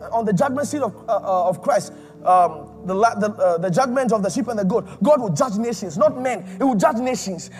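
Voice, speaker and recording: A man with a very high voice preaches a sermon in impassioned, repetitive phrases, swinging from loud cries down to near-whispers.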